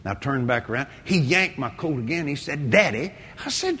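A middle-aged man preaching a sermon and telling a story, swinging between shouted lines and hushed ones. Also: a little high, sing-song, brisk, breathy edge.

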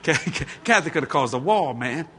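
A middle-aged man preaching a storytelling sermon, folksy and animated, laughing at his own stories. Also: a little high, a little fast, a little hiss or hum.

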